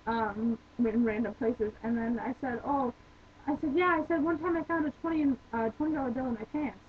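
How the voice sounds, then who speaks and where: A young woman vlogging, telling her own embarrassing stories in a rambling, chatty way full of "like" and restarts. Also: a little high. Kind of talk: casual storytelling vlog. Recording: tinny phone-like sound with faint noise.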